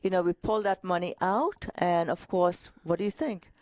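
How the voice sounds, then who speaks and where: Woman, financial co-host, direct, playful, lowish voice, dry sound. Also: animated, moderate pace, darkish tone, no room sound. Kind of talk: casual radio-style talk.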